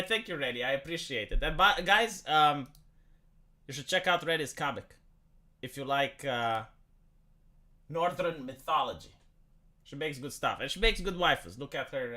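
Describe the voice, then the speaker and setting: A man's voice: high voice, pushed and bright. A man from Romania chatting casually and with amusement on a live stream, rambling with many fillers.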